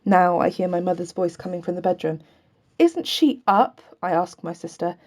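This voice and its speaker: A woman reads a novel aloud in a steady, earnest first-person voice. Her tone sits low and mellow. The delivery stays even and unhurried. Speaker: audiobook reader.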